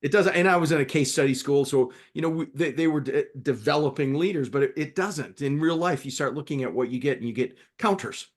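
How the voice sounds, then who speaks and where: Male co-host, emphatic storyteller, loose and lively. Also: a little high, brisk, hardly any pauses. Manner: animated storyteller, emphatic, many restarts. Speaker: podcast co-host. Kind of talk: conversational discussion.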